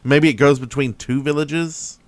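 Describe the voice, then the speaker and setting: A man's voice: fairly high pitch, steady tone, unhurried, dry recording. A man hosting a casual podcast chat, joking around and handing out turns to his co-hosts. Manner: jokey, hands out turns. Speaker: podcast host.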